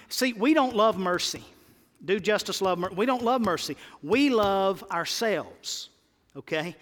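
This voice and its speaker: A man's voice: high voice, a bit bright, in a large hall. A man preaching a sermon as pastor, impassioned and pleading, with sudden rises in his voice.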